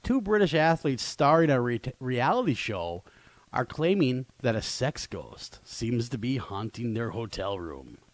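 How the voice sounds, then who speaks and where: Medium-pitched and a little slow, with no room sound, this radio co-host jokes around casually. He spins playful, animated stories and laughs often.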